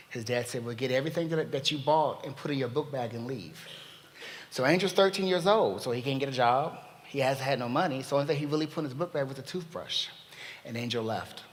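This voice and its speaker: A man speaking at a panel, telling a story in an animated way and acting out the dialogue. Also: medium pitch. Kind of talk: storytelling talk. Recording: long reverb of a hall.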